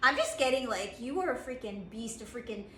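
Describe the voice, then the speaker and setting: A woman giving a channeled oracle card reading, bubbly and excitable, laughing often and acting out other people's reactions. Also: fairly high pitch, a little fast, reverberant, slight background noise. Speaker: tarot reader.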